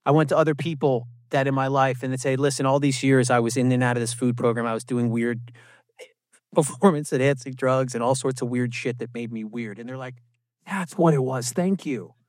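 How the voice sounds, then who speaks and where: A man sharing his recovery testimony at a meeting, telling it as an animated story with self-mocking asides and quick impressions of other people. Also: mid-range voice, no echo, clean studio sound. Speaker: recovery program speaker. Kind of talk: personal testimony talk.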